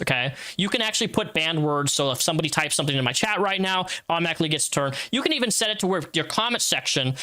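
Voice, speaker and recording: A man hosting a livestream and reacting out loud to a social media post, blunt and profane as he lectures the person behind it. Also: on the high side. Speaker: livestream host.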